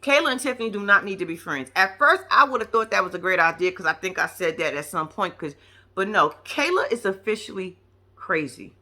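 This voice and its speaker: A woman giving brash, profane, animated commentary on a reality show. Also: lowish voice, quick pace, hardly any pauses. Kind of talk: casual reaction commentary.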